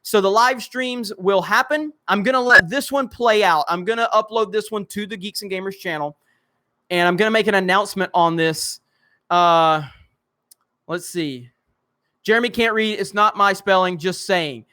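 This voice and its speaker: A young man with a Southern US drawl hosts a casual live stream and reads viewer comments aloud. His voice sits high and sounds bright and forceful. He hurries through the text, trips over words and laughs at his own slips. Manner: joking, self-mocking, rushes through reading with restarts.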